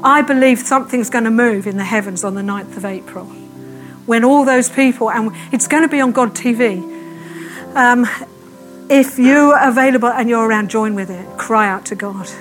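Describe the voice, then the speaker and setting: A woman preaching a fervent sermon in church, speaking quickly and repeating her calls to prayer. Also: fairly high pitch, faint music behind.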